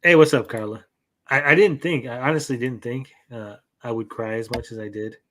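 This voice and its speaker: Male co-host and parent, casual and profane, animated storyteller, mid-range voice. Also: mid-range voice, a little fast. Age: adult parent. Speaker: podcast co-host. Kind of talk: casual chat.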